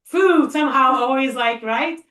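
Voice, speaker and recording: A woman's voice: sits high, unhurried, a bit bright. A woman leading an informal text study class, chatty and thinking aloud with many fillers and rhetorical questions. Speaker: Torah study teacher. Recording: echoey room, voice a bit far from the mic.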